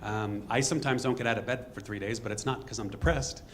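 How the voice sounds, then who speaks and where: A man telling a true story on stage to a live audience in a fast, conversational way, acting out bits of dialogue. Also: lowish voice, fairly even intonation, a little hiss or hum.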